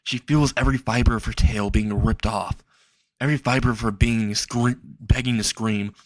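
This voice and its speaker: A young man narrating a dark fan fiction story in a slow, halting way. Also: steady tone, dry recording, clean studio sound. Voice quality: low, gravelly voice.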